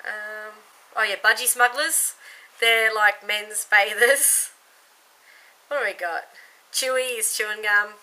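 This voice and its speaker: A woman's voice: medium pitch, takes it slowly, long pauses, sharp tone, low-quality recording. A young woman from Queensland with an Australian accent, chatting casually through an accent tag vlog, giggly and losing her place now and then. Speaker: vlogger.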